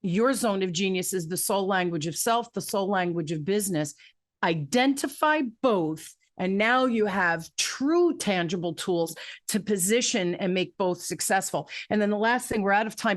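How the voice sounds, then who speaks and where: A woman in her fifties hosting an interview, telling stories with lively acted-out quotes in casual chat. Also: medium pitch, no room sound, clean studio sound. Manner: animated storyteller, acts out quotes. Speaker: podcast host.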